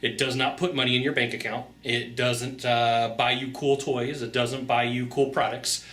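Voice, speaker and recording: A sales coach giving casual, energetic tips straight to camera, chatty and repeating phrases for emphasis. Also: male voice, mid-range voice, moderate pace. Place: Sacramento, California. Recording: roomy echo.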